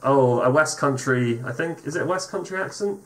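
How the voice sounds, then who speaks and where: A man's voice: a little high, normal speed, slight background noise. A man hosting a casual tech tutorial, chatty and joking as he walks through examples. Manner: joking, chatty, swears freely. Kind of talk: casual screen-share tutorial.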